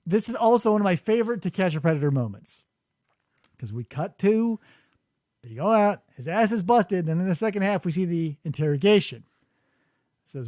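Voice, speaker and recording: A man hosting a casual comedic podcast chat in a studio, animated and mocking, slipping into quick impressions. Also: sits high, dry recording. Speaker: podcast host. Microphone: studio mic.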